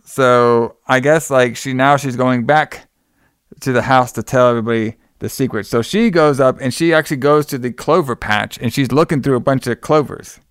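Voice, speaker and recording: A man's voice: medium pitch, moderate pace, clear, resonant tone, no room sound, clean studio sound. Rambling profane male podcast host. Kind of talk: casual movie recap.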